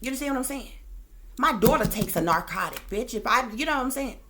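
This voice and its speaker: A woman's voice: a little high, lively intonation, quick pace, fairly bright tone, a little hiss or hum. A woman host telling a story to her viewers in a casual, heated rant, profane and emphatic. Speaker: psychic reader and channel host.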